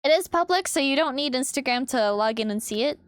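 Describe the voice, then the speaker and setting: A young woman chatting casually on her art stream, animated and expressive, swearing freely. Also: high voice, a little fast, clean tone, no room sound, studio quality.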